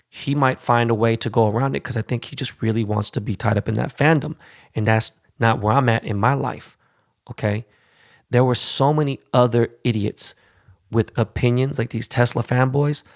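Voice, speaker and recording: A man hosting a podcast, ranting in a casual, heated and profane way with quick asides. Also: medium pitch, dry recording, studio quality. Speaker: podcast host.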